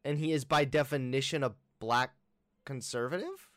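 A man's voice: mid-range voice, moderate pace, dry recording. A man hosting a reaction video, mocking the clips he plays with sarcastic asides. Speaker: YouTube commentator.

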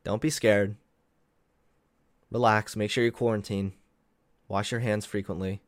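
A man's voice: fairly low pitch, fairly even intonation, unhurried, dry recording. A young man casually reacting to clips on a vlog, sarcastic and profane, laughing at his own jokes. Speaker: political commentary vlogger.

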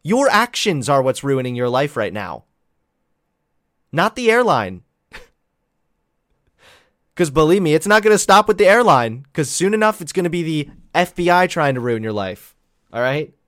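A man's voice: on the high side, sing-song, normal speed, pauses often, a bit bright, dry recording, clean studio sound. Sarcastic, swearing young commentator man. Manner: sarcastic, profane, laughing at his own jokes. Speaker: political commentary vlogger. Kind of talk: casual reaction commentary.

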